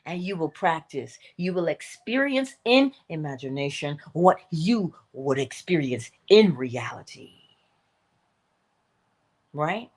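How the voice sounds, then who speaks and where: Woman, morning livestream host, lively swinging pitch, emphatic, laughs a lot. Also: slow, long pauses, breathy edge. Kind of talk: inspirational morning livestream talk.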